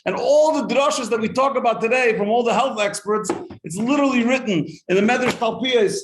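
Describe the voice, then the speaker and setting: A man, a rabbi, teaching a lively Torah class to a live group, telling stories, asking rhetorical questions and translating Hebrew quotes as he goes. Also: very high voice, a little fast, reverberant.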